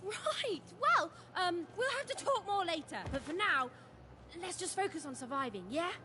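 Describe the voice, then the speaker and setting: A woman voicing a plucky young girl adventurer in a video game, speaking in an earnest, soft coaxing way. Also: very high voice, expressive, moderate pace. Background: game music.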